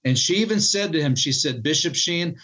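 A man's voice: a little high, animated, fairly quick, a bit bright, low-quality recording. A man, a book co-author, telling his research story in an interview in an earnest way, often restarting and repeating words.

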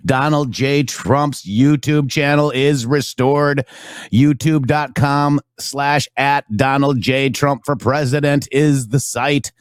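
A man's voice: mid-range voice, steady tone, slow pace, smooth, dry recording. Man, talk show host, rambling, filler-heavy, dry close sound. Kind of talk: casual political talk show.

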